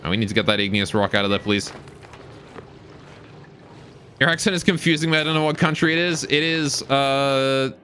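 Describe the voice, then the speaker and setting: A British man whose accent now leans strongly Canadian, streaming a game and chatting loosely as he answers viewers. His voice is bright and forward, and he rambles between tasks. A faint hum of noise sits under his talk. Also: mid-range voice, normal speed, long pauses. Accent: British, now mostly Canadian. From Britain. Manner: chatty and rambling, reads viewer questions aloud. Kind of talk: casual live-stream chat while playing.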